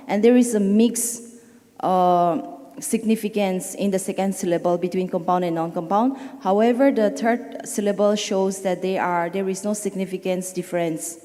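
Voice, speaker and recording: A woman presents research at a conference, pausing often and correcting herself as she goes. Her voice is mellow and dark, carried on a long hall reverb. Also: mid-range voice. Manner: hesitant, with fillers and self-corrections. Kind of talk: academic conference talk.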